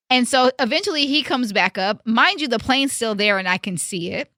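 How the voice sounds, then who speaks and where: A young woman hosting a podcast, telling a story in a casual, animated and emphatic way, with some swearing. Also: fairly high pitch, moderate pace, hardly any pauses, no echo, clean studio sound. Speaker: podcast host.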